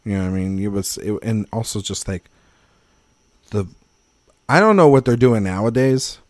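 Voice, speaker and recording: A man co-hosting a casual film podcast, talking in animated, rambling tangents and swearing freely. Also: on the low side, moderate pace, no echo, clean studio sound. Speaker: podcast co-host. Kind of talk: casual film-discussion chat.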